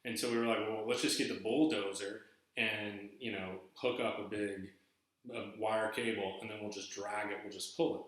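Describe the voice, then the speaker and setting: Animated male storyteller in an echoey room. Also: on the low side, normal speed. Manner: animated, acts out quoted people in raised voices. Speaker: podcast host. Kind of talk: casual storytelling.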